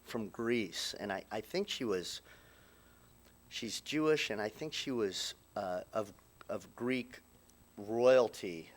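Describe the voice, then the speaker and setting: A middle-aged man with a lowish voice delivers a eulogy in a funeral chapel. He speaks haltingly, restarting phrases and pausing often, and his voice catches with emotion. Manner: halting, with frequent restarts and pauses. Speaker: son giving a eulogy.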